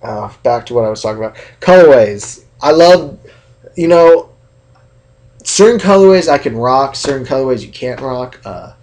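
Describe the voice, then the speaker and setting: A young man from California talking casually into the camera in a vlog rant, chatty and animated, acting out how other people react. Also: medium pitch, normal speed. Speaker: sneaker vlogger.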